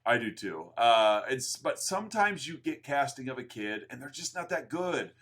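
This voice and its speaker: Male co-host, bright tone, animated delivery, quick to laugh in casual film chat. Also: medium pitch. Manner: laughs often, animated and joking. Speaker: podcast co-host. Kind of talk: casual movie review chat.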